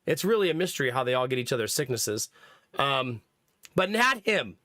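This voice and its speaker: This young livestream host talks casually with viewers, rambling across topics and laughing a lot. He has a medium-pitched, sing-song voice with a bright, forceful tone, speaking at normal speed. The recording is clean studio sound with no room sound.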